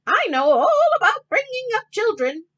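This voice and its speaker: A woman voicing a proud, confident mother duck in a high, quacking, animated storybook voice. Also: normal speed, highs cut off, exaggerated voice. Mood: reassuring.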